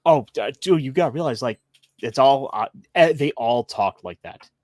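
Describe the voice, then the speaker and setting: A man from Michigan co-hosting a casual podcast, excitable and jokey, rambling quickly. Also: medium pitch, no echo, clean studio sound. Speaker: podcast co-host. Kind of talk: casual chat.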